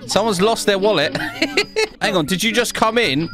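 A man's voice: sits high, sing-song, unhurried, music in the background. A man giving joking gameplay commentary in voice chat, playful and teasing, laughing often. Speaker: gaming YouTuber.

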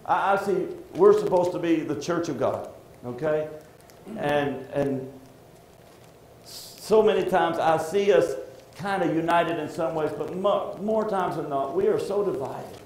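A middle-aged man preaching a sermon as pastor, heartfelt and halting, often restarting his sentences. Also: a little high, darkish tone, a little hiss or hum. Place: church sanctuary. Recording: echoey church room.

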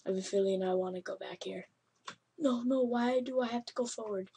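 A woman giving excitable, yelping commentary over a game she is playing. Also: mid-range voice, brisk, vocal fry, slight background noise. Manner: excitable, yelps and laughs at the game. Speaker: gameplay commentator. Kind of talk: let's play commentary.

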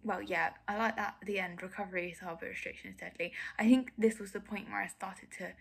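A woman's voice: mid-range voice, steady tone, fast talker, gravelly, slightly rough. A young woman giving candid, self-critical reaction commentary as a vlogger, often dropping to a near whisper.

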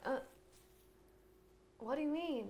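A woman's voice: sits high, takes it slowly, darkish tone. A woman from Nebraska chatting casually and playfully with friends. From Nebraska, USA. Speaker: guest streamer. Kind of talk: casual chat.

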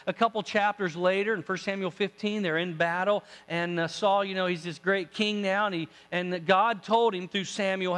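A male pastor with a high voice tells a scripture story in a folksy, animated way, full of asides to his listeners. His voice carries the long reverb of a church sanctuary. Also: normal speed, few pauses. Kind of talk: storytelling sermon.

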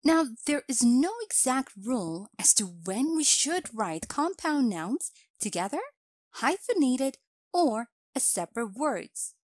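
A woman reads a scripted grammar lesson at a slow, careful pace. Her pitch sits a little high and moves up and down a lot. The recording is dry and close. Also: sing-song, a little mellow, no echo. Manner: slow, clear instructional delivery. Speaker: English teacher.

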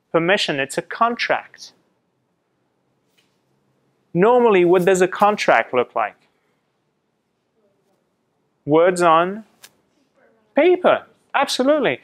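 A middle-aged man from France gives a lively classroom talk, turning to his students with questions. His voice is fairly high and smooth, and it comes through a slightly fuzzy mic. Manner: lively storytelling, quotes others in acted asides. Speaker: guest speaker presenting to students.

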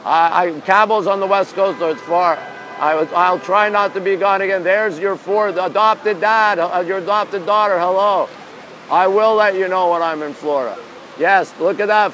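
Speaking at a normal speed in a high-pitched, slightly bright voice, a New York man reads his viewers' comments aloud and chats casually. He's live-streaming into a one-handed phone on a rainy city street at night, faint street noise behind him.

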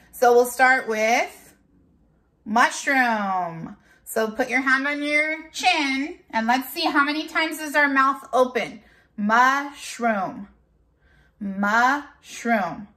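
Slow, clear-speaking woman teacher. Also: high-pitched, pushed and bright. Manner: slow, clear, drawn-out classroom delivery; switches into Spanish for the date. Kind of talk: online class lesson.

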